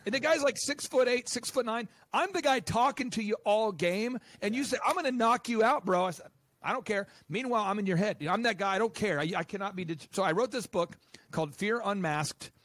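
A man being interviewed as a business coach and podcast host, talking in an animated, emphatic, rapid-fire way. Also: high voice, dry recording.

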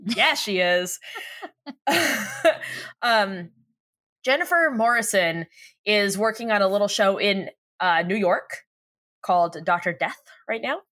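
A woman's voice: mid-range voice, slow pace, pauses often, fairly bright tone. A woman co-hosting a podcast in casual chat, playful and teasing, laughing often. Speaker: podcast co-host.

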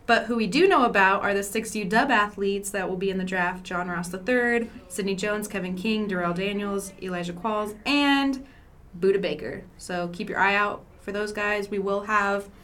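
A woman's voice: medium pitch, moderate pace, fairly bright tone. A young woman hosting a sports podcast, talking casually with lots of fillers. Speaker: podcast host. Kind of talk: casual chat.

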